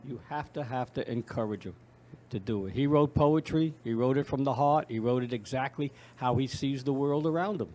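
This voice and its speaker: A man with a warm, mellow voice, speaking as a guest in a studio interview. He talks earnestly and haltingly, stopping and restarting his sentences as he goes. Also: medium pitch. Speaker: guest, foundation founder.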